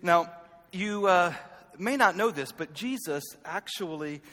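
A man preaching a sermon in a conversational, self-deprecating way, swinging from loud calls to the congregation to quiet asides. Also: high-pitched, animated, a little slow. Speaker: pastor. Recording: echoey hall reverb.

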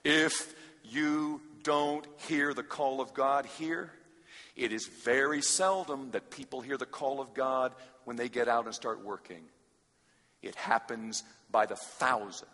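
A man preaching a sermon in a large hall, dramatic, swinging from loud urgency to a hushed near-whisper. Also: medium pitch, slow pace. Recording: long hall reverb.

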